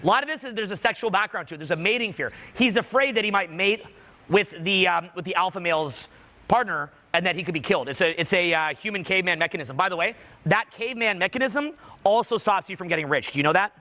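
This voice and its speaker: A man with a high, bright, forceful voice runs a live speaking workshop. He coaches with commanding energy, pushing a student to get louder. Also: fast.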